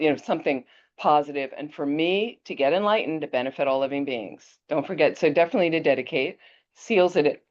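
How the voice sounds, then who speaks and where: Woman Buddhist teacher, deep voice, lively storyteller, muffled lo-fi audio. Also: fast. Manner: animated storyteller, chatty with restarts. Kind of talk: teaching talk with personal anecdote. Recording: dull lo-fi audio.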